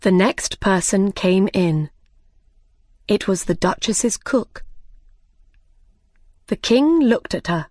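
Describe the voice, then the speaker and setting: A woman reading a storybook aloud in a slow, careful, plain way. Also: mid-range voice, lively intonation, a little mellow, no echo, clean studio sound.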